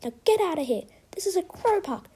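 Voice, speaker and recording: A woman voicing a sneaky villainous crow king who had been posing as a cat, speaking in a low, gloating snarl. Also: lively intonation, brisk, dark tone.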